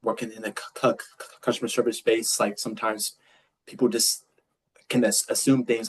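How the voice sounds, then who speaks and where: A man's voice: medium pitch, steady tone, a little fast, slightly rough. A man who stutters, moderating a webinar in a casual panel discussion over a video call, often saying "like" and "man". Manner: stutters, with repeated sounds, says "man" and "like" often.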